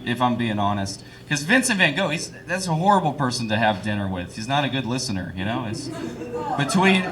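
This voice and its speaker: A man's voice: mid-range voice, big pitch swings, brisk, background noise. A young man doing live stand-up, rambling and self-deprecating and laughing at his own jokes. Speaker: stand-up comedian.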